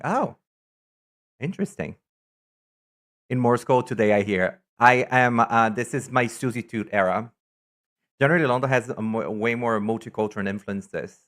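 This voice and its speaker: A man's voice: fairly low pitch, a bit bright. A man from Brazil with a São Paulo Brazilian accent, a native Portuguese speaker, chatting casually and rambling as he reads viewer comments on a stream.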